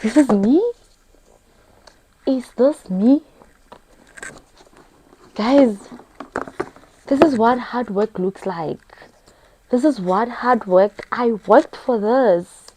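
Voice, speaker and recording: High, slow-talking South African woman vlogger. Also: slight background noise. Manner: excitable, giggly, switching between languages. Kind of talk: casual vlog chat.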